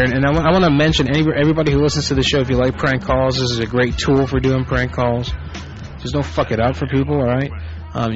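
Male host of a scrappy prank call show, loose and profane, lo-fi audio with music behind. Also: medium pitch. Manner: profane, rambling, off-the-cuff. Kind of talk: casual live show banter. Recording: muffled lo-fi internet radio.

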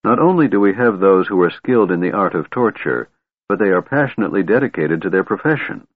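A cunning female warlord, wry and purring with quiet menace, as a male reader puts her on. The voice sits low and moves through a lively, wide melody. It comes across dry and thin, like a phone line. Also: quick pace, no room sound. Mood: menacing.

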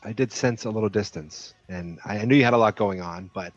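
A man co-hosting a comedy podcast, tossing in dry, deadpan quips. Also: lowish voice, brisk, no echo, soft background music. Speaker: podcast co-host. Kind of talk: casual comedic chat. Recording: dull lo-fi dry mic.

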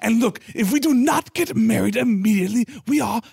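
A man's voice: very high voice, fairly quick, vocal fry, husky, full character voice. A man voicing a blunt, foul-mouthed sister from the colonies in a tabletop role-play, bossy and sprinkled with a put-on Southern twang. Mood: exasperated. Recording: loud background noise on the mic.

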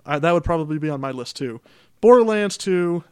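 A man's voice: a little high, lively intonation, fairly quick, smooth, no echo. A man co-hosting a gaming podcast, chatting casually with wry, dry jokes. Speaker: podcast co-host. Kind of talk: casual chat about games.

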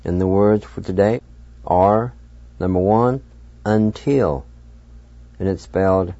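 A man hosting a radio language lesson, patiently spelling out words letter by letter and pronouncing each one slowly. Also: deep voice, mellow, no echo, lo-fi sound. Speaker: radio language teacher and host.

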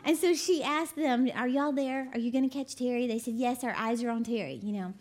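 Chatty woman preaching, high voice. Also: fairly quick, a little mellow. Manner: chatty, laughs often, folksy storytelling. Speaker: ministry CEO and preacher. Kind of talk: conversational sermon.

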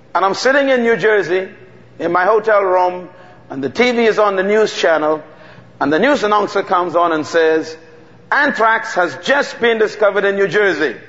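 A man preaching a sermon, telling stories with dramatic pauses and calling out to the congregation. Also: high voice. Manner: animated storytelling with dramatic pauses and call-and-response. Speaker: pastor. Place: church hall. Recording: dull sound with long hall reverb.

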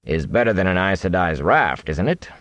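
Man voicing a smug, gruff gleeman. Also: low-pitched, very animated, normal speed, a bit bright, dry recording, full character voice. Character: smug, commanding male traveling gleeman.

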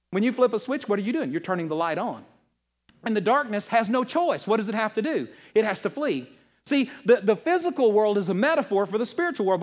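A man preaching a sermon, asking the audience questions and swinging between loud passages and hushed ones. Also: high voice. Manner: asks the audience rhetorical questions. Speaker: pastor.

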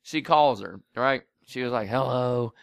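A man's voice: medium pitch, a little slow, gravelly, clear, resonant tone, dry recording. A man co-hosting a podcast, telling a story in casual chat and acting out the voices of the people in it, laughing often. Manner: animated, acts out voices in stories, laughs often. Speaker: podcast co-host.

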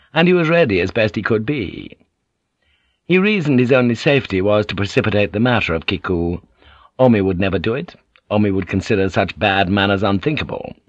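A man in scripted narration, reading an audiobook in a measured, even way. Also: on the low side, no echo. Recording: dull lo-fi audiobook recording.

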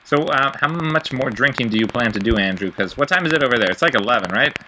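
A man hosting a casual podcast chat over an online call, teasing his co-hosts with quick questions. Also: mid-range voice, animated, sharp tone, a little hiss or hum, rough recording. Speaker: podcast host.

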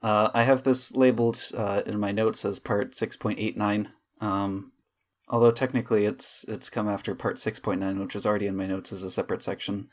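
Женщина ведущая настольной игры, болтливая и шутливая. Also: female voice, a bass voice, fairly even intonation, fairly quick, darkish tone. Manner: joking, swears freely, rambling. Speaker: dungeon master. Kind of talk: casual chat before a tabletop game. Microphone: home microphone, recording over a call.

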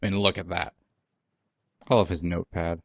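A man with a fairly low voice drops short, wry comments into a casual movie discussion. The recording is dry and close. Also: flat delivery, normal speed, vocal fry, no room sound. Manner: wry, chiming in with quips. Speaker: podcast co-host.

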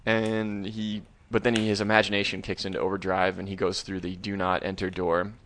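A man co-hosting a podcast, recapping an episode in casual chat, animated and joking. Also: low-pitched, fairly quick. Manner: animated, joking, acts out scenes with voices. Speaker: podcast co-host.

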